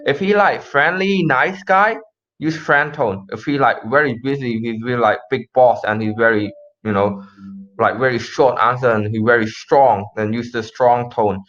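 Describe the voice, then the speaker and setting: A man's voice: medium pitch, moderate pace, fairly bright tone. A man teaching a cold-call sales script in a casual, repetitive way, acting out the phone lines as he goes. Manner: casual, repeats phrases, acts out call lines. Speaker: sales trainer. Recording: slightly dull lo-fi audio.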